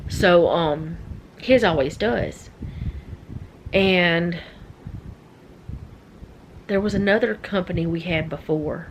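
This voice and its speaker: A woman's voice: fairly low pitch, slow, long pauses, a little hiss or hum, low-quality recording. A middle-aged woman chatting casually as a vlogger, rambling and easily sidetracked. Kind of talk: casual chat.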